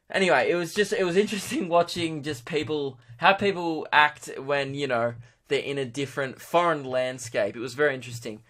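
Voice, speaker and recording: This Australian podcaster talks fairly quickly in a slightly high, somewhat bright voice. He rants his way through a comic story, heavy on sarcasm and swearing.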